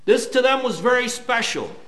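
Man preaching, high voice, swinging pitch, bright tone, slow scripture reading. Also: expressive. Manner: reads scripture slowly, then rises to loud emphatic preaching. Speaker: pastor. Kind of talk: sermon.

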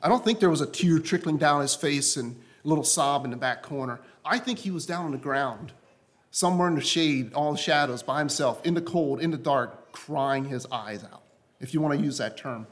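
A man preaching a sermon to a congregation, impassioned and repetitive, often dropping to a soft, low voice. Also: normal speed.

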